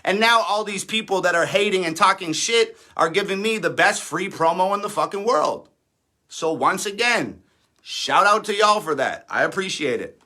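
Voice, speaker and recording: A man's voice: sits high, animated, normal speed, sharp tone. A man in his thirties, an independent rapper, ranting defiantly and sarcastically on a livestream, swearing often. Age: 30s. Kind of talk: livestream rant.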